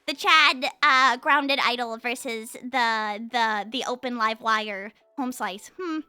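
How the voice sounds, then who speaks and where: A woman streamer chatting casually with her viewers, energetic and rambling, often restarting her sentences, on a compressed studio mic. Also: a little high, slow, clear, resonant tone, no room sound, soft background music. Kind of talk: casual live-stream chat.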